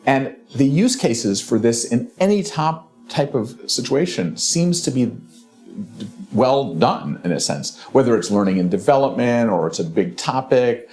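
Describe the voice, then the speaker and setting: Interrupting male podcast host. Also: mid-range voice. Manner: interrupts often, restarts phrases, animated. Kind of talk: casual interview chat.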